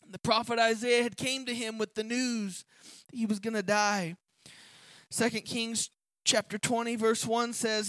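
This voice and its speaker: A preacher delivering an impassioned sermon, building to shouts, then reading scripture lower and quieter. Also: flat delivery, measured pace, dry recording. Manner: impassioned, rising to shouts on key points.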